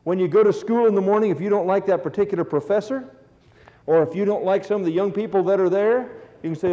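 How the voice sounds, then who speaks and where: Mellow-voiced male preacher, lo-fi sermon. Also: high-pitched, fast talker. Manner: earnest storytelling, rising for emphasis. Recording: dull lo-fi recording.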